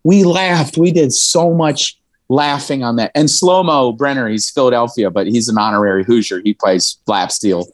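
A man's voice: medium pitch, moderate pace, no echo. A man from Indiana, talking as a musician guest in a frank, emotional and sometimes profane way, with laughing asides. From Indiana, USA. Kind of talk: candid conversational storytelling.

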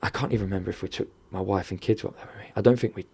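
A man telling a painful personal story in an interview, emotional and near tears, halting and swearing often. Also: low voice, fairly even intonation, gravelly, dark tone, breathy edge. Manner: candid, heavy swearing, halting restarts. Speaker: podcast guest.

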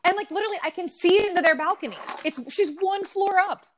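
A woman co-hosting a casual podcast, telling stories in an animated, swearing rant. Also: extremely high pitch, fast, a little hiss or hum. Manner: animated storytelling with frequent swearing. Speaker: podcast co-host. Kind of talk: casual ranting chat.

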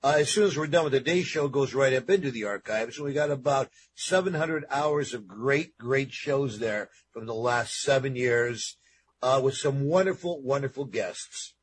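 A man's voice: mid-range voice, moderate pace, slight background noise. A man hosting a radio show in a studio, chatting casually and rambling with lots of fillers and repeats.

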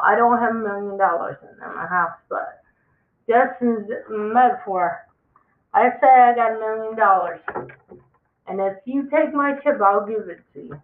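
A speaker giving an impassioned end-times warning monologue, emphatic and preachy, repeating words for stress. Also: mid-range voice. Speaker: religious vlogger. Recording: tinny phone-like sound in an echoey room.

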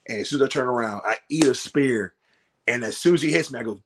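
A man, a pro wrestler, telling a story in a podcast interview, animated and acting out his own lines. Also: mid-range voice, fast talker. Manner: animated, acts out quotes, swears freely.

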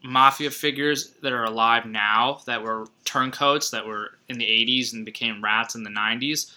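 Against a noisy background, a male podcast co-host chats casually at a moderate pace in a mid-range voice. Animated, he discusses a film and acts out its lines in put-on voices.

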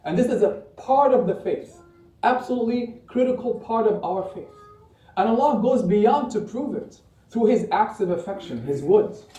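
A man's voice: high voice, mellow. A man as imam giving a Friday sermon, impassioned and full of rhetorical questions. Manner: impassioned, rhetorical questions, rising and falling delivery. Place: mosque prayer hall. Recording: echoey mosque hall, mic from a distance.

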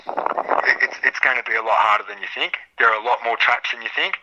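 A man's voice: mid-range voice, a little fast, bright, forceful tone, lo-fi sound. A middle-aged Australian man chatting as a guest, swearing freely and telling rambling stories. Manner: swears freely, rambling storyteller who acts out other people's voices. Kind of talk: casual chat.

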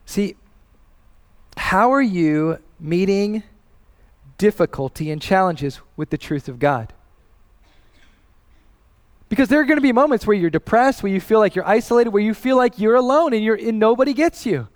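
A man's voice: sits high, expressive, moderate pace, pauses often. A man in his thirties preaching a sermon as pastor, earnest and personal, rising in emphasis as he tells a family story.

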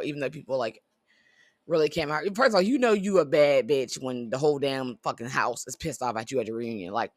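A woman's voice: sits low, no room sound, studio quality. A woman chatting casually about reality TV, blunt and profane, ranting with lots of energy. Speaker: vlogger.

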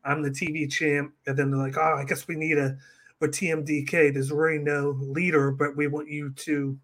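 A man on a casual podcast, retelling events in an animated way and acting out what others said. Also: fairly high pitch, moderate pace. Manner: animated storytelling, acts out quotes. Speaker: podcast co-host. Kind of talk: casual wrestling podcast chat.

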